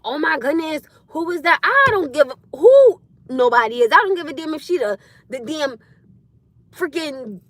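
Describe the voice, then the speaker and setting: A young adult woman ranting bluntly on a casual livestream, animated and laughing often. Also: very high-pitched, no room sound. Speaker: livestream host.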